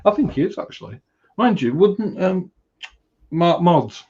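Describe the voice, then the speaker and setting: A man's voice: sits high, sing-song, unhurried, warm tone, slightly rough. A man co-hosting a livestream, teasing his friend and reading out viewers' chat messages. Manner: reads chat messages aloud, teasing, laughs easily. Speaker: co-host reading out live chat. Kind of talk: casual chat. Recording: dull lo-fi stream audio.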